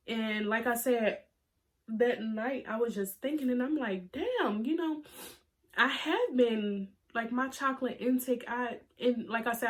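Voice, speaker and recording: Emotional young woman vlogger. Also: mid-range voice. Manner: emotional, holding back tears; halting, many fillers and restarts. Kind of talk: personal story to camera.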